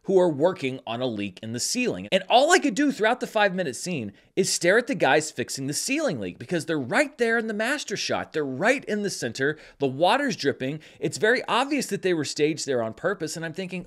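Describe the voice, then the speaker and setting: Brief: man reviewing a film, sarcastic and incredulous, fairly high lively voice. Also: a little fast, few pauses. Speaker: film critic.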